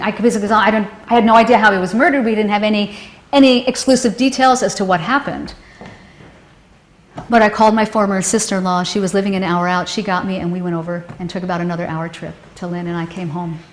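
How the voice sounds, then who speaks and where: A woman telling a painful personal story, halting and emotional, often restarting her sentences. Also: medium pitch, fairly even intonation. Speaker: storyteller recounting a personal loss. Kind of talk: personal testimony. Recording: roomy echo.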